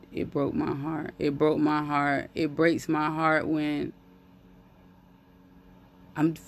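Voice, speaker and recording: Her voice sits low and gravelly as she pours her heart out in a live-stream monologue recorded on a phone. She talks openly, swears freely, and repeats phrases to drive points home.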